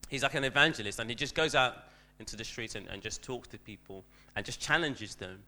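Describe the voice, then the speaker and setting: A man who teaches school gives an anecdotal church talk, telling a story about himself with a self-deprecating touch. His voice is bright and forward, set at a middling pitch for a man. He often restarts his sentences as he goes. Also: expressive, fairly quick.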